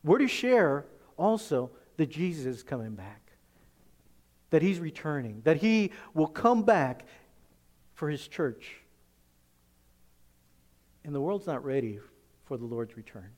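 A male pastor preaching a sermon emphatically, swinging from loud, forceful lines to hushed ones. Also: on the high side, big pitch swings, slow, pauses often.

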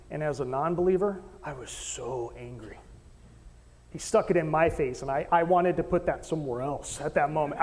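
A man preaching a sermon as pastor, animated storyteller who acts out voices and jokes with the congregation. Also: fairly high pitch, in a large hall. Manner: animated storytelling, acting out quoted voices, joking with the crowd. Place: church stage in a hall.

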